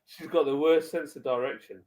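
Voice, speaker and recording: A man hosting a casual live-stream chat, talking in animated banter. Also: on the high side, brisk.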